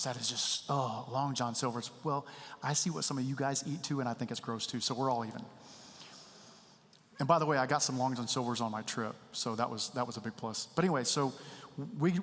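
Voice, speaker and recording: A man's voice: mid-range voice, a bit bright. A man, preaching a candid, conversational sermon full of personal stories in a church sanctuary. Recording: church hall reverb.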